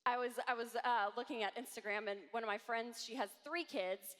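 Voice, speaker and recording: A woman in her thirties giving an animated conference talk to a live audience, acting out voices as she tells stories. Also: fairly high pitch, fairly quick. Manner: animated, acts out quoted voices. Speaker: conference speaker. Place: large hall with audience. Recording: long hall reverb.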